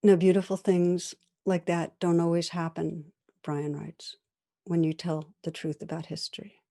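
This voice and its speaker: A woman meditation teacher giving a dharma talk, telling a story in a calm, measured, gentle way. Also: fairly low pitch, gravelly.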